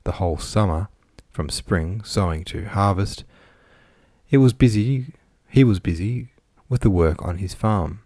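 A man with a deep, low voice narrates a classic novel in a measured, even manner. The recording is dry and close, with no room sound. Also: dry recording. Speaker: audiobook narrator.

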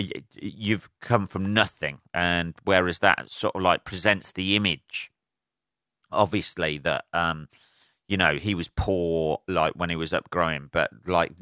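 A man's voice: sits low, pushed and bright, smooth, dry recording, clean studio sound. A man hosting a casual solo podcast, rambling and swearing freely, full of fillers. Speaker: podcast host.

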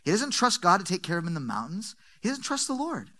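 Bright-voiced male pastor preaching. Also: wildly swooping pitch, quick pace. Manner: emphatic preaching, repeating phrases, wide swings in pitch and volume. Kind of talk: sermon.

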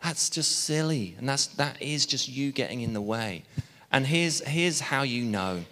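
A man's voice: medium pitch, expressive, measured pace, a bit bright. A man preaching a sermon in a chatty way, with asides and self-deprecating laughs. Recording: hall reverb.

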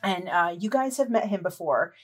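A woman running a tabletop game as game master, describing scenes in a relaxed, chatty way with frequent fillers. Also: fairly low pitch, moderate pace, husky.

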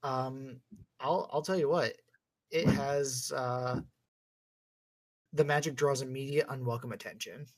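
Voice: medium pitch, unhurried, pauses often. A player at a tabletop game, thoughtful and asking about the rules. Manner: thoughtful, asks rules questions.

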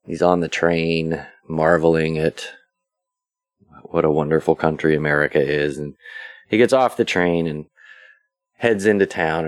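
A man hosting a solo podcast, casually retelling a film's story in a rambling, relaxed way with fillers and quick acted asides. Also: low-pitched, dry recording. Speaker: podcast host.

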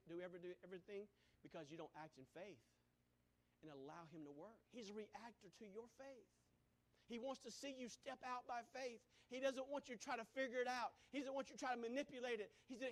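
A man preaching a fiery sermon in a church, his voice sitting unusually high for a man. He surges into shouted peaks, then drops to near-whispered lines. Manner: impassioned, swings from shouting to hushed.

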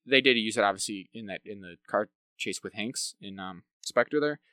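This man's voice is fairly low, sharp and clean, at a moderate pace, in a dry, studio-quality recording. As a podcast co-host he chats casually about films, rambling and filling his speech with "like" and tag questions.

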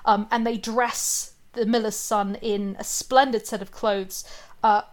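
A woman's voice: medium pitch, little pitch movement, unhurried. A woman retelling a fairy tale in casual chat, with lots of fillers, asides and giggles.

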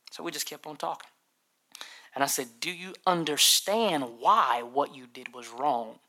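Male pastor, humorous animated preacher, forceful tone, stumbles into repeated words. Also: sits high. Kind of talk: storytelling sermon.

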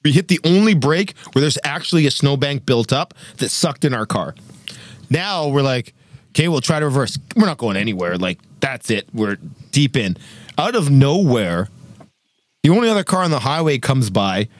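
A young man telling a story in casual chat, animated and acting out quotes, with frequent laughs. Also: mid-range voice, moderate pace, no echo. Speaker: podcast co-host telling a story.

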